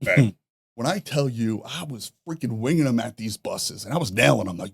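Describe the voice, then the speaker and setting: A man, a podcast guest telling rough stories in a profane, animated way, laughing at his own jokes. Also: medium pitch, moderate pace, no room sound, studio quality. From New York. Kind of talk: casual storytelling.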